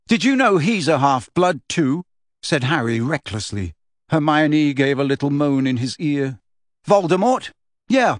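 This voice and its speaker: A man reading a novel passage aloud on a podcast, lively and changing his voice for the characters. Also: fairly high pitch, unhurried, dry recording, studio quality.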